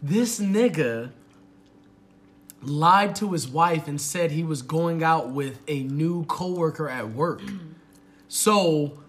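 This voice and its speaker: A young man with a high-pitched voice spins a story for his podcast co-hosts. He talks casually, with lots of slang and profanity, and keeps it lively and loose. He pushes his voice up as the story builds. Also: takes it slowly. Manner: animated, profane slang-heavy storytelling with frequent laughs. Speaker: podcast host.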